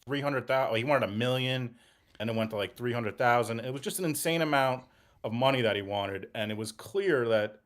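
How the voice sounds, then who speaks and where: A man guesting on a casual commentary stream, explaining a case in an excitable, rambling, profane way. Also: mid-range voice, a little fast.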